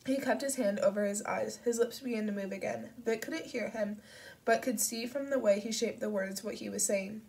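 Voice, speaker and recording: A woman's voice: mid-range voice, moderate pace, gravelly, a little mellow, recorded from a distance, rough recording. Woman reading an audiobook from afar. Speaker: audiobook reader. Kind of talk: audiobook narration.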